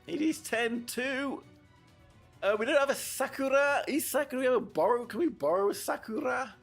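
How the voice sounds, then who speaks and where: VTuber man, high husky voice, loose rambling game commentary. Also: moderate pace, faint music behind. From United Kingdom. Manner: rambling, chatty, with frequent restarts. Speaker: VTuber streamer. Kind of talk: casual gameplay commentary.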